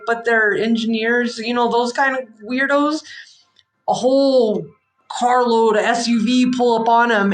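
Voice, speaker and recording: A woman in her forties, a psychic livestream host, telling a story in a frank, rambling, animated way with slang. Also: a little high. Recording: echoey room.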